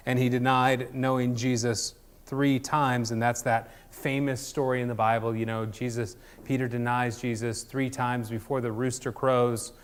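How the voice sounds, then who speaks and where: A man's voice: medium pitch, clean tone. A man preaching a casual sermon, conversational and jokey, with many ums and restarts. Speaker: pastor.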